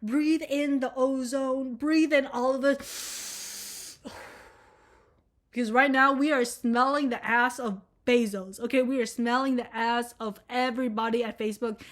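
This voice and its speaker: A slightly high, somewhat bright female voice belongs to a college-aged vlogger. She delivers a frank, filler-heavy, wandering monologue sprinkled with profanity.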